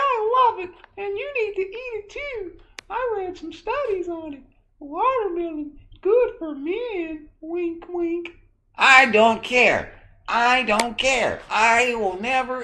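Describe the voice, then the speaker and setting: A fussy husband bosses his wife about dinner in a squeaky, exaggerated falsetto. The voice sits far above any natural speaking pitch and swoops wildly. It is played as a broad mocking caricature. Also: pushed and bright, full character voice.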